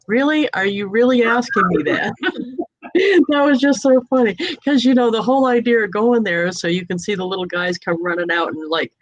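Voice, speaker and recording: A woman's voice: fairly high pitch, lively intonation, moderate pace, highs cut off. A woman from New England hosting a casual video chat, telling anecdotes and laughing often. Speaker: host.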